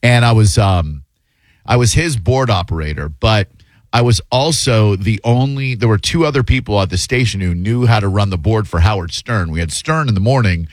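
A fill-in talk radio host in his fifties speaks in a fairly low voice. He drifts through casual, self-mocking anecdotes, leaning on fillers and restarts. The studio sound is close and dry. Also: lively intonation, moderate pace, no echo. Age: 50s. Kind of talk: casual radio chat and storytelling. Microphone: studio broadcast mic.

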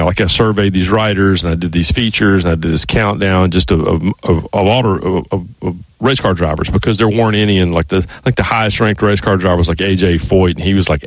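A man's voice: low voice, dry recording. A man hosting sports talk radio in a studio, a rambling storyteller who keeps restarting his sentences.

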